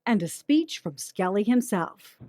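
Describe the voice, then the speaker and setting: A woman news anchor giving measured, polished documentary narration. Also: mid-range voice, lively intonation.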